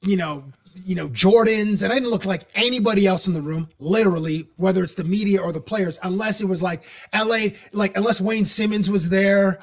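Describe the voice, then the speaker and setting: A man's voice: high-pitched, a little fast. A man, a sports reporter, recalling his early days in a rambling, casual way full of fillers. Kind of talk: casual podcast chat.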